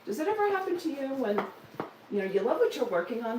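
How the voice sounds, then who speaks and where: A woman's voice: sits high, sing-song, quick pace, echoey room, far from the mic, noisy background. A woman, chatting casually on a live stream about her stitching projects, with joking asides and self-deprecating humor. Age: 60s. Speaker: stitching vlogger.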